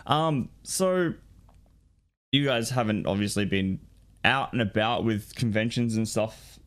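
A man's voice: on the low side, unhurried. A man interviewing a guest over a remote call, in a casual, rambling way with stammered restarts and frequent ums.

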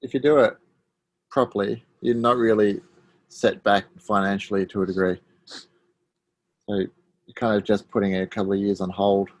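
A man's voice: fairly low pitch, fairly even intonation, normal speed, long pauses, dry recording, low-quality recording. Plain-spoken man, dry close sound. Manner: plain-spoken, short answers. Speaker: podcast guest. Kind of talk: casual chat.

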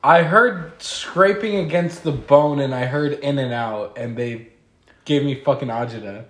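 A mid-pitched man talks in casual podcast banter, blunt and full of swearing. His voice rings with a roomy echo. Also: a little slow, fairly bright tone. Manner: blunt and profane, squeamish. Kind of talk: casual chat.

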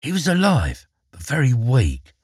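Man, storyteller, fairy tale narration, expressive, very lively pitch, dry. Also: a little slow, breathy edge, no room sound.

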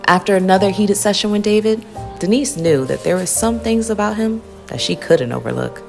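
A woman's voice: medium pitch, a little fast, gravelly, natural voice. An actress playing a dry, wry young woman who narrates her own story. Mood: narrating. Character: wry young woman, recently fired radio host. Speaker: Charlie, narrator and lead. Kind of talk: first-person narration and dialogue. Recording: music playing behind.

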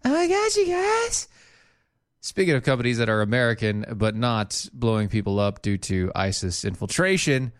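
A man's voice: mid-range voice, huge pitch swings, normal speed. A man co-hosting a podcast in casual chat, long-winded and playful. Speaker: podcast co-host.

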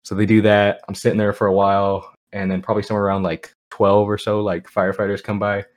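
A man with a lowish voice tells a story on a casual podcast. He rambles, fills his talk with "like", and keeps breaking into laughter. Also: monotone, fast talker. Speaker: podcast co-host.

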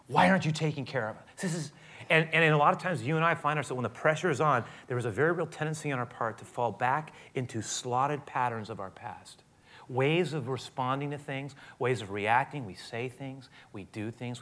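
A man's voice: mid-range voice, fairly bright tone. A man preaching a sermon in a conversational way, often restarting and speaking directly to his listeners. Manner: conversational, with frequent restarts and asides to the congregation.

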